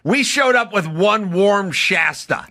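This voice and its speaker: A male podcast host tells stories in loose, profane chat. His voice sits a little high and sounds bright and edgy. His pitch swings widely as he talks. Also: slow. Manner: profane, animated storyteller. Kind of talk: casual chat.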